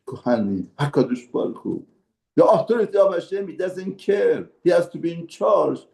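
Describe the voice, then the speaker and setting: A middle-aged man with a Persian accent, giving a short mussar lesson as a rabbi, animated and full of rhetorical questions. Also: medium pitch, creaky, poor audio. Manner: animated, rhetorical questions, acts out what people shout. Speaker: rabbi teaching a Torah lesson.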